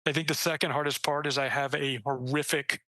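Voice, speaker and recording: A man, a debut author, chatting casually in an interview, animated and acting out quoted lines, swearing casually and restarting sentences. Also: brisk, no echo, low-quality recording. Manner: animated, acts out quoted lines with jumps in pitch.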